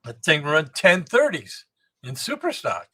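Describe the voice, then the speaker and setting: A man in his seventies, a guest on a podcast, telling rambling, animated anecdotes about engine building and often restarting his sentences. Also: on the high side, a little slow, breathy edge. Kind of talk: storytelling podcast interview.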